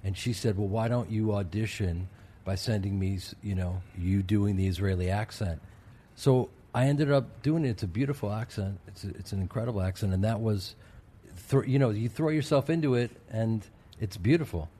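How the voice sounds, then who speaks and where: A man's voice: fairly low pitch, moderate pace, few pauses, mellow. A middle-aged man co-hosting a podcast, an actor who talks earnestly and eagerly about his craft. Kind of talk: casual podcast chat.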